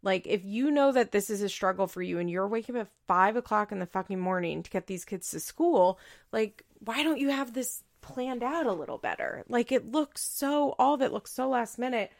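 A woman's voice: a little high, lively intonation, normal speed, gravelly. A woman giving casual commentary as a podcaster, blunt and profane, with frequent "like" fillers. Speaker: reality TV recap podcaster.

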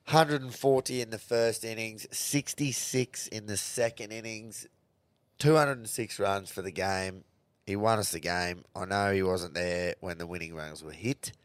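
An Australian man co-hosting a podcast, chatting about sport in a casual, sweary, excitable way, tired but amped. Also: on the low side, unhurried, no echo. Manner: sweary, excitable, laughing often. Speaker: podcast co-host.

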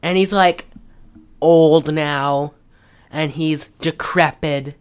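Low-voiced rambling woman podcaster. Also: fairly even intonation, extremely slow, clean tone. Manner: rambling, many fillers and "like"s. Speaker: podcast host. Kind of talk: casual chat recapping a film.

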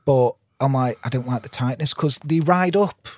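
A man's voice: mid-range voice, normal speed. A man, a podcast guest, chatting casually and rambling through crude anecdotes on a podcast mic. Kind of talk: casual chat.

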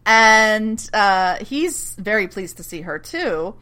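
A woman's voice: mid-range voice, animated, slow, pushed and bright. A woman co-hosting a podcast, recapping a TV episode in casual chat, laughing often and swearing freely.

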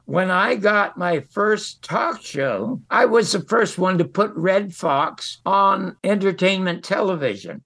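An older man, a guest in an interview, telling lively anecdotes and acting out quoted lines. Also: high-pitched, gravelly. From United States. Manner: animated storyteller who acts out quotes. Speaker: guest storyteller.

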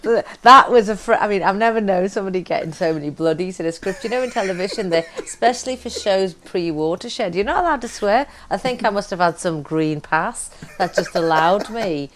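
A woman from Britain, an actor, giving an animated, expressive interview about her work and her upbringing. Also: medium pitch, fairly quick, hardly any pauses, slight background noise. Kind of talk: casual interview chat.

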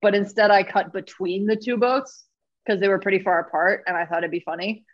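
A woman telling stories in a casual podcast chat, animated and laughing often, with lots of fillers. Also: medium pitch, brisk, highs cut off. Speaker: podcast guest, rowing coxswain.

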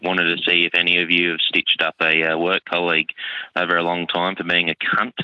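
Rowdy Aussie caller, low-pitched and crude, phone message with a dead, muffled sound. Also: male voice, monotone, brisk, clear, resonant tone, no echo. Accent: Australian. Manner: crude, swearing, rowdy storytelling. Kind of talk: phoned-in story.

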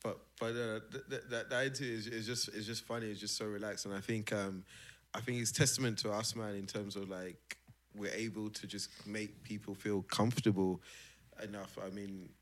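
Chill low-voiced guy co-hosting a podcast, easygoing, passes the talk to the others. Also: fairly even intonation, moderate pace, a bit bright. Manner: laid-back, hands topics to the others. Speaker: podcast co-host. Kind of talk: casual chat.

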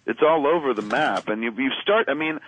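A man's voice: medium pitch, expressive, a little fast, a bit bright, poor audio. A man co-hosting a podcast, riffing animatedly with mock quotes in casual chat. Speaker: podcast co-host.

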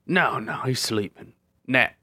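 Man putting on a dim bounty hunter, blunt, broken simple phrasing, bright voice, improvised sketch. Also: medium pitch, lively intonation, slow, heavily acted.

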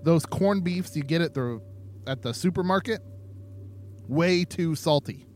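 Tipsy rambling podcast guy, slightly high voice. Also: unhurried, soft background music. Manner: rambling, laughs often. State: tipsy from drinking. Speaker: podcast co-host. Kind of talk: casual chat.

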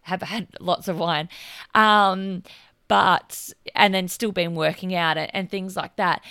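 A woman hosts her own podcast, talking casually on her own in an earnest, encouraging way, with plenty of fillers. Her lowish, fairly bright voice turns hoarse as she loses it, and there is no room sound.

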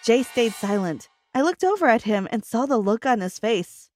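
A young woman with a fairly high voice tells a first-person story, her pitch climbing when she voices the quoted lines. Light music plays behind her the whole time. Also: big pitch swings, moderate pace, darkish tone. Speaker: narrator.

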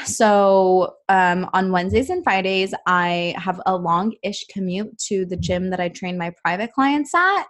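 A young adult woman hosting a solo podcast in a casual, earnest monologue, with lots of "um" and "like". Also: on the low side. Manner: chatty, earnest, many fillers like "um" and "like". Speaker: podcast host and personal trainer.

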